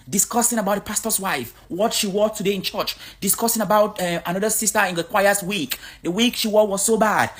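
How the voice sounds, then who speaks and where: A woman's voice: mid-range voice, a bit bright. A woman from Cameroon, giving a blunt, outspoken vlog monologue. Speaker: vlogger.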